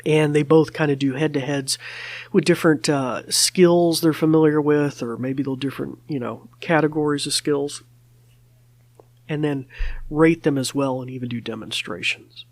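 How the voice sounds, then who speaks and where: A man hosts a podcast in a relaxed, chatty way, often pausing on fillers and restarting his sentences. His voice sits at an ordinary pitch. The sound is close and dry. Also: no echo. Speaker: podcast host. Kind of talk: casual podcast talk.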